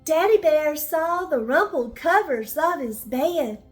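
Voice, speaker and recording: An older woman reading a children's bedtime story, gently asking the listening children questions as she goes. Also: high voice, expressive, slow pace, faint music behind.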